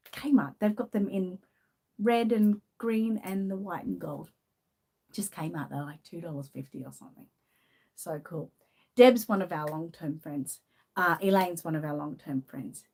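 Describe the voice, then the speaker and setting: An Australian woman chatting on a live stream, greeting viewers by name between her thoughts and getting emotional and soft-spoken when she is sad. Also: mid-range voice. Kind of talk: casual live-stream chat.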